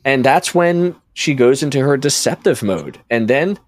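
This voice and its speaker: A podcast host with a medium-pitched voice speaks animatedly and a little slowly, rambling and interrupting himself as he talks things through in a casual discussion. The recording has a dry studio sound.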